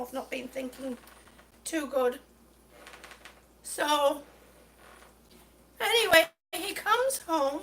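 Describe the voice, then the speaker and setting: A vlogger with a very high-pitched, pushed and bright voice tells her viewers an exasperated story. She rants to camera, tripping over her words and running short of breath.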